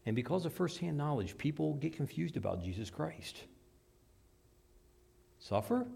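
Animated man preaching a sermon. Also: a little high, brisk, gravelly, breathy edge. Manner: emphatic, dramatic preaching with acted quotes.

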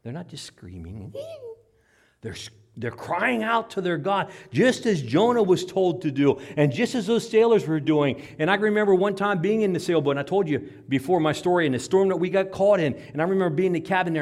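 A man preaching a sermon, telling the story dramatically and acting out cries, whispers and shouts. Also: a little high, big pitch swings, brisk. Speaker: pastor.

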